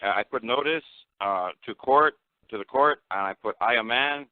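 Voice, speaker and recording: A man's voice: medium pitch, moderate pace, no room sound. A man calls in to a radio show, stumbling over his words and sounding frustrated. The line is dry and close, squeezed into a thin, tinny phone sound. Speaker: caller. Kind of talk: call-in radio talk.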